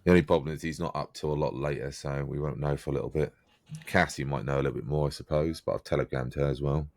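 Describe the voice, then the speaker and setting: A man in calm, measured in-character roleplay chat, explaining things patiently. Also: extremely low pitch, gravelly, no echo, clean studio sound. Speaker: roleplay player.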